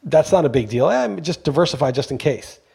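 Emphatic, foul-mouthed podcast co-host; a man with a husky, slightly high voice. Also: lively intonation, fairly quick, mellow. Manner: emphatic, swears freely when ranting. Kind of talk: casual podcast chat.

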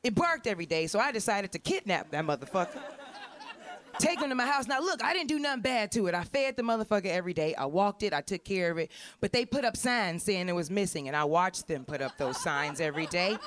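A woman voicing a prim sixty-five-year-old woman who calmly tells an unhinged story in a stand-up set. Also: mid-range voice, fast, close to an everyday voice. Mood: matter-of-fact.

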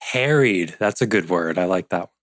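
A man's voice: low voice, animated, moderate pace, dry recording. A man teaching an online leadership class over a video call, rambling with playful asides and self-interruptions. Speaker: course instructor.

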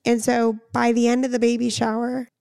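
A woman with a hoarse, raspy voice that crackles with gravel as she chats as a podcast co-host. She sits a bit higher than most women and sounds dry and close, with no room around her. She talks casually, swearing and spinning stories. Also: completely flat delivery, brisk, a little mellow, dry recording. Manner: casual, swears freely, storytelling. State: hoarse, lost voice. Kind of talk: casual chat.

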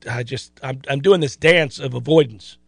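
A middle-aged man hosting a sports radio show, chatting casually and telling stories in an animated, self-deprecating way. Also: medium pitch, moderate pace, vocal fry, husky, dry recording. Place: radio studio.

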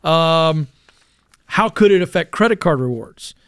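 Clear-voiced man hosting talk radio. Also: a little high, animated, a little slow, a bit bright, no echo, clean studio sound. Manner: conversational, explains news with asides and fillers. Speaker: radio talk show host. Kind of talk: casual talk radio chat.

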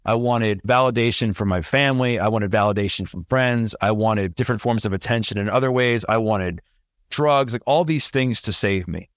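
A man with a fairly low voice speaks as an interview guest, recounting his story with candid earnestness and open feeling. His delivery is heartfelt and conversational. The recording is close and dry. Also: moderate pace, dry recording. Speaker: podcast guest.

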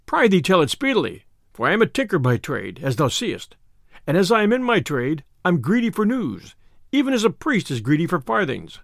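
A man's voice: sits high, wildly swooping pitch, fairly quick, gravelly, no echo, clean studio sound, full character voice. A man reading aloud, voicing a boisterous, boastful male tinker in an audiobook tale. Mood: gruff. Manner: loud, boastful old-style speech.

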